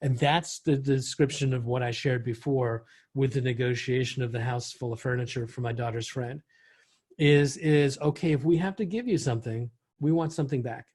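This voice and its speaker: A man's voice: medium pitch, moderate pace, darkish tone, slightly rough. A middle-aged man leading an online real estate training session, talking in a conversational way with frequent restarts.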